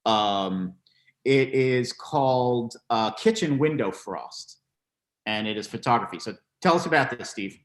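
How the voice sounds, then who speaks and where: A man's voice: medium pitch, expressive, measured pace. A man curating an art exhibition, presenting pieces over a video call with frequent ums and restarts. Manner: warm-hearted praise, many ums and restarts. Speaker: gallery curator hosting a virtual tour. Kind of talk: casual video-call discussion.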